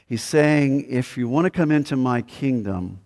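A man's voice: mid-range voice, animated, unhurried, darkish tone, in a large hall. A man preaching a sermon as pastor, emphatic, rising and dropping in volume.

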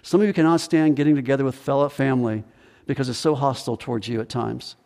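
Pastor guy preaching, mellow voice, bit higher pitched, long hall echo. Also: quick pace, vocal fry. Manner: animated preaching with paraphrased voices. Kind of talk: sermon. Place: church sanctuary.

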